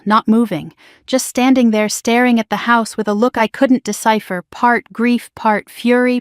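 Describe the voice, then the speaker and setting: A woman narrating a dramatic first-person family story in a hushed, emotional way on a close mic. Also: medium pitch, no echo.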